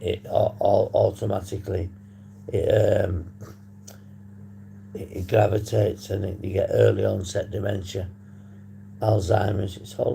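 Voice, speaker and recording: A man from the UK hosting a casual recovery livestream, husky from a long phone call, rambling and swearing casually to his chat. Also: fairly low pitch, slight background noise. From United Kingdom. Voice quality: gravelly, dark voice. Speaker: livestream host on addiction recovery. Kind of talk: casual live-stream chat to viewers.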